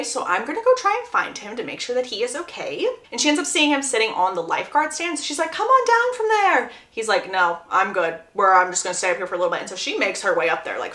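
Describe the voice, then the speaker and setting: A woman's voice: medium pitch, sharp tone, roomy sound. A woman casually retelling a book's plot, chatty and acting out the quotes. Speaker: book summary creator.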